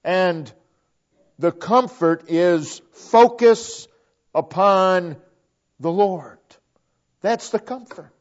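A man preaching a sermon, slow and deliberate, repeating phrases for emphasis. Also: high voice. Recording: dull lo-fi recording.

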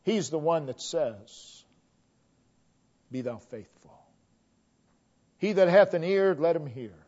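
A man preaching at an unhurried, deliberate pace in a fairly high voice. He drives home a repeated refrain, rising to loud declarations and dropping to near-hushed lines. The recording sounds muffled and lo-fi. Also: lively intonation. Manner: slow, emphatic, repeats a refrain, swings between loud declarations and hushed tones. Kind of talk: sermon. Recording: dull lo-fi recording.

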